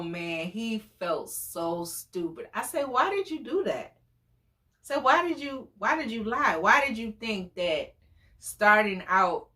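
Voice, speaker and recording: A woman in her forties tells a story in a relaxed, unhurried way. Her pitch leaps and swoops constantly, and she talks with big exclamations and frequent laughs. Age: 40s. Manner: animated, exclamatory, laughs often. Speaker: storytime vlogger. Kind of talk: casual storytelling.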